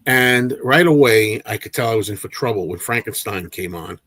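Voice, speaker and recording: A man hosting a casual movie chat livestream, telling an animated anecdote with frequent restarts and repeated words. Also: fairly low pitch, normal speed. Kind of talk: casual storytelling to a live chat.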